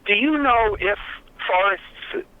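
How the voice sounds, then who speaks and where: A man's voice: high voice, expressive, takes it slowly, clean tone, phone-quality sound. Hesitant male caller on a voicemail. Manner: hesitant, many fillers. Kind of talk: voicemail message. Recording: noisy phone voicemail.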